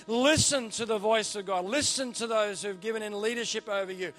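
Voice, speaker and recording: A middle-aged Australian man preaching a sermon in a church, animated and joking with punchy repeated phrases. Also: sits high, brisk. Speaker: pastor.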